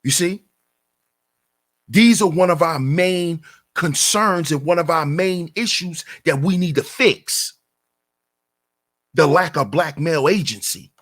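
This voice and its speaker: Brief: male host, emphatic commentary rant, slightly high and husky voice. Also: slow pace, pauses often, a bit bright. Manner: emphatic, repetitive rhetorical questions. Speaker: channel host.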